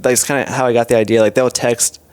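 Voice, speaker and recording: A man's voice: medium pitch, steady tone, fast talker, darkish tone, clean tone, no room sound. Laid-back young man, slangy and dry. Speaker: podcast guest, content creator. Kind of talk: casual podcast chat.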